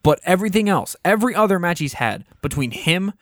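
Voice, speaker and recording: A man's voice: high voice, animated, fairly quick, no room sound, studio quality. A man co-hosting a casual wrestling podcast, laid-back, often chiming in with agreement. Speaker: podcast co-host.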